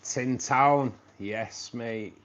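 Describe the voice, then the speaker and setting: A man's voice: medium pitch, very slow, a bit bright. A man with a Manchester accent hosting a casual live stream, rambling, repeating himself and calling everyone "mate". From Manchester, England. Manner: rambling, repeats phrases, says "mate" a lot. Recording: dull lo-fi stream audio.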